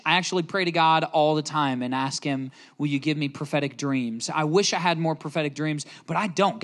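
A man's voice: a little high, a bit bright. A young man preaching as a youth pastor, telling a personal story earnestly and emotionally, with many restarts. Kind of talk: sermon.

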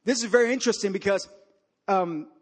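A man with a high voice delivers a sermon as a storytelling preacher. He moves between loud, emphatic bursts and low, hushed stretches. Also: a little fast. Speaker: pastor.

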